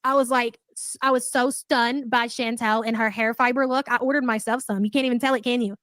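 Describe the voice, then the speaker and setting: A woman's voice: a little high, steady tone, brisk, a bit bright, no room sound. A woman hosting a livestream, reading donation messages and giving brash, mocking commentary with plenty of swearing.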